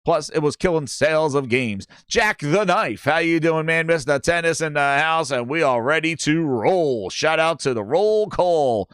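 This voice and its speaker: A man's voice: fairly high pitch, measured pace, few pauses, clean tone, dry recording, studio quality. A man hosting a gaming livestream, ranting with profanity and calling out viewers in the chat. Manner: animated, profane, shouting out chat names.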